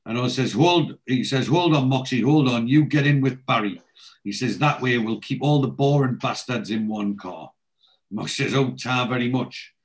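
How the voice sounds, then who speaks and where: A man chatting casually as a podcast host. He retells scenes from a show and quotes each character's lines in a lively storytelling way. His voice sits at an ordinary pitch. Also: normal speed, poor audio.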